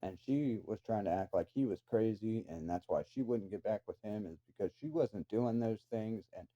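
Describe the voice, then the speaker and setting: Low, dark-voiced man telling a story. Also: normal speed. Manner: rambling, swears freely, incredulous asides. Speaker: vlogger telling a personal story. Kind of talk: casual storytime monologue. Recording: dull lo-fi recording.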